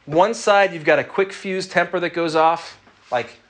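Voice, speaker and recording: A man's voice: a little high, a little slow, fairly bright tone. Joking, conversational man preaching. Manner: conversational, jokes with the audience, asks for raised hands. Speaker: pastor. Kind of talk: sermon.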